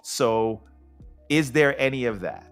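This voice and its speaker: A man's voice: medium pitch, slow, smooth, soft background music. A man hosting a casual gaming podcast who thinks aloud, restarts his sentences and poses questions to his co-host. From United States.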